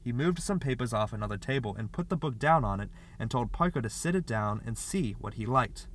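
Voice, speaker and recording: A man narrating a literary short story as an audiobook reader, in a steady, expressive way. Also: mid-range voice, fairly quick.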